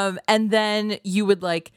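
A woman's voice: medium pitch, flat delivery, slow, smooth, no echo, studio quality. A young woman from the United States, chatting casually and giggling, using "like" a lot. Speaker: podcast co-host, songwriter. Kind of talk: casual chat.

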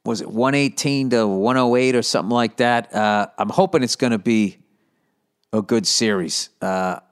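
A man in his fifties talks alone into a podcast mic at an ordinary pitch. He rambles from story to story, cursing freely. His delivery is animated and full of side remarks. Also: normal speed, clear, resonant tone. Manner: profane, animated storytelling with asides. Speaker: podcast host. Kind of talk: rambling solo comedy podcast.

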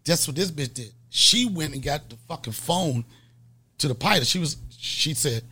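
A middle-aged man hosting a podcast, telling a profane comic story in an animated way and acting out scenes with mock gasps. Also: a little high, normal speed, husky. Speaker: podcast host and comedian.

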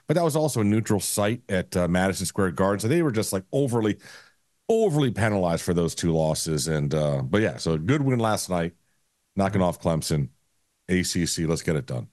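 Low-voiced man in casual sports talk. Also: expressive, brisk, darkish tone, no echo, clean studio sound. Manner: blunt, rambling, crude jokes. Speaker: podcast co-host.

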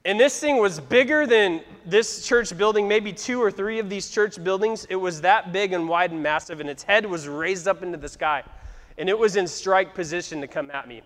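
Man, preacher, very high voice, animated dramatic storytelling, frequent laughter, church sanctuary, long echoing reverb. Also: normal speed. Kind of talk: sermon with vivid storytelling. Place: church sanctuary, live before a congregation.

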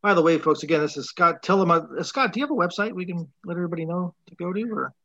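Brisk, fast-talking male podcast host. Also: high-pitched, fairly bright tone, no room sound, lo-fi sound. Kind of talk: interview questions.

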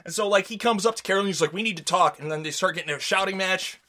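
Very fast and forceful, a man co-hosting a podcast tears through a rambling, swear-filled recap, mimicking quotes in silly voices. His voice is high and bright.

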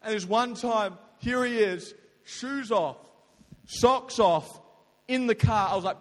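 A young man tells a story to a listening crowd in a lively, slangy way, breaking into loud outbursts. His voice sits high for a man. The sound rings with a long hall reverb. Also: unhurried. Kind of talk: casual storytelling to an audience.

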